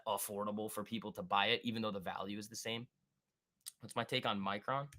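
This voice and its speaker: A man hosting a live stock trading stream, thinking aloud and answering chat in an excitable, quick way. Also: lowish voice. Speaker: stock trading livestream host. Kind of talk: live market commentary reading chat.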